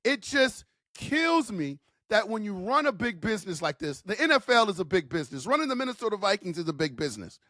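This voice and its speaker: A man's voice: high voice, big pitch swings, brisk, pushed and bright, dry recording, clean studio sound. A man hosting his own football channel, giving fired-up, emphatic opinions in a casual slangy way and repeating his points. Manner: casual slangy talk, calls listeners man. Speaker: sports channel host. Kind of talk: opinionated football commentary vlog.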